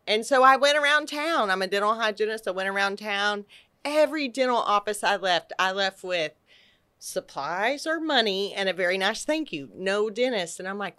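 A middle-aged woman from Texas telling an animated personal story on a podcast, acting out quotes and restarting her sentences. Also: mid-range voice, normal speed, clear, resonant tone. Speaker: podcast guest. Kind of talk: casual storytelling.

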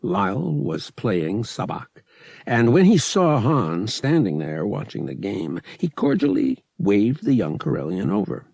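A man reading an audiobook in an expressive, measured scripted narration. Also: on the low side, vocal fry, slightly rough, dry recording, clean studio sound.

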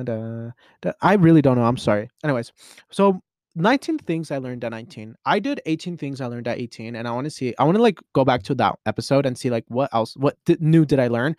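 A twenty-year-old man hosting a podcast from his closet, rambling in a casual solo monologue full of "like" and restarts, with excitable jumps in pitch. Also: no room sound, clean studio sound. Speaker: podcast host.

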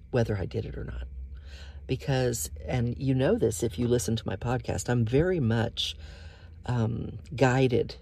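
A woman hosting her own podcast in an intimate, casual monologue, soft and breathy, often slipping into whispers. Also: a bass voice. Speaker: podcast host.

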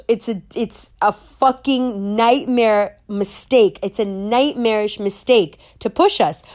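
A woman's voice: a little high, darkish tone. Brash, profane woman ranting. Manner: brash, profane, sassy, laughs at own jokes. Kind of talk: casual rant to camera.

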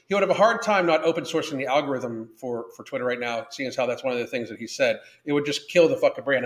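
A man's voice: on the high side, a bit bright. Profane, blunt man with a raised voice. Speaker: podcast host. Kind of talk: casual livestream chat. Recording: roomy echo.

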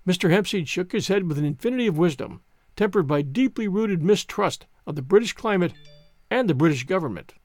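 Expressive male audiobook narrator. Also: sits high, a little fast, dry recording, clean studio sound. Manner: expressive, storytelling delivery. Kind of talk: scripted narration of a classic novel.

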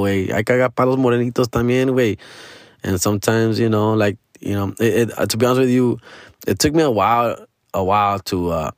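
A man's voice: lowish voice, no echo. Male comedian, casual profane storytelling, Spanish slang mixed in, dry close sound.

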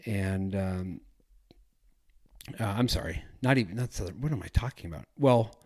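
Guy doing a solo travel podcast, lowish voice, rambles and corrects himself a lot. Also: animated, normal speed, dark tone. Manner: rambling, self-correcting, chatty. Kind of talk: casual solo podcast talk.

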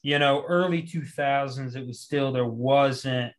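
A laid-back man from small-town Missouri, chatting loosely and swearing freely. His voice sits at a middle pitch. He keeps an easygoing, conversational tone. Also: unhurried. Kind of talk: casual chat.

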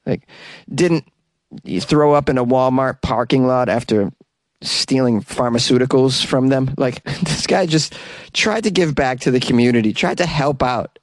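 Hosting a comedy news podcast, a man with a New England accent jokes and rambles, laughing often. He has a mid-range voice, speaks a little slowly, and there's no echo.

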